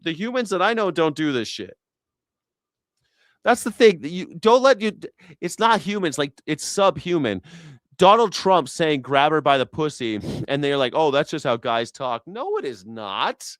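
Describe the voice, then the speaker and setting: A man hosting a live news reaction show, talking in an animated, profane, rambling way with many restarts. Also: fairly high pitch, no room sound. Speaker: host.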